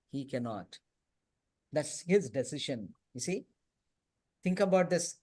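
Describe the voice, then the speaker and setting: A man's voice: on the high side, animated, a little slow, warm tone. A man teaching a youth scripture class in a conversational storytelling manner, often adding "you know" and "right?". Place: temple hall.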